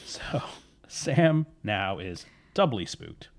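Male podcast storyteller, slightly low voice, loose and self-correcting. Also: very animated, extremely slow. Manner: rambling, many fillers, self-correcting. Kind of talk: casual storytelling chat.

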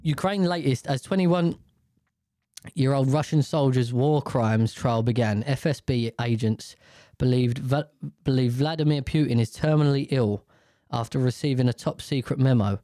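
A man's voice: mid-range voice, moderate pace, mellow, no room sound, clean studio sound. A man reading news stories aloud, stumbling over hard words and ranting about them with lots of swearing. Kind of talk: casual reaction commentary.

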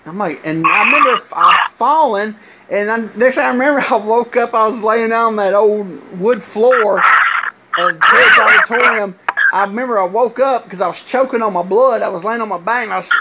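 A middle-aged man, a former wrestler telling stories in casual chat, halting and full of fillers. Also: high-pitched, big pitch swings. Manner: rambling, halting with many fillers. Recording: loud hiss with clicks.

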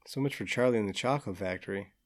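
A man's voice: on the low side, fast talker. A man co-hosting a casual podcast, reacting with wry jokes. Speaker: podcast co-host. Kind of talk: casual chat.

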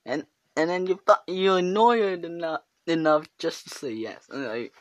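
This dry recording catches a vlogger alone in their bedroom, chatting loosely to camera in a giggly, filler-heavy ramble. The voice sits in the mid-range, lively, at a normal speed.

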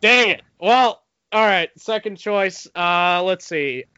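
A man with a high, bright and crisp voice jokes around on a podcast, playing the goofy, naive one. The recording is dry and a bit lo-fi. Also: expressive, takes it slowly, no room sound. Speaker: co-host. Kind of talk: casual podcast banter. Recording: dry, dull lo-fi sound.

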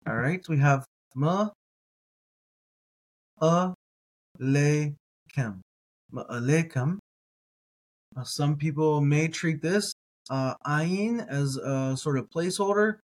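A man with a slightly high voice leads a slow reading lesson. He sounds out each word syllable by syllable, pauses often on ums and uhs, and corrects himself as he goes. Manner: hesitant, with frequent ums and uhs. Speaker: Hebrew teacher.

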